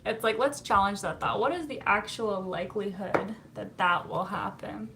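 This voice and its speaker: A woman's voice: mid-range voice, normal speed, creaky, noisy background. A young adult woman, a psychotherapist, chatting casually on a live stream, reading viewer comments and laughing often. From Canada.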